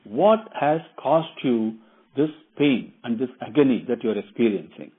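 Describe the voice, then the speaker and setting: A gentle, bewildered king pleads earnestly, as a male storyteller voices him. His husky voice is soft and imploring, heard through a thin, tinny, phone-like recording. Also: mid-range voice, animated, normal speed. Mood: pleading.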